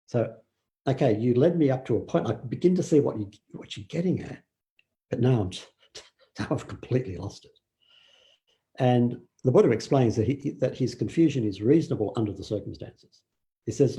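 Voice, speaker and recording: An older man giving a relaxed dharma talk, telling stories with fillers and acted quotes. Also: mid-range voice, normal speed. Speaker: meditation teacher.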